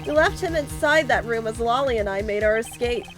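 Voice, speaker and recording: Woman voicing remorseful young man, earnest subdued confession, high-ish voice. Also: fairly quick, music in the background, natural voice.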